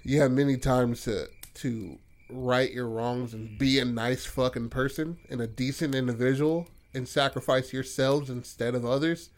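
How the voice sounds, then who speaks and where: A man voicing a pizza delivery man come back from death, slowly pronouncing judgment in a solemn tone. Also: mid-range voice, close to an everyday voice. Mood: solemn accusing.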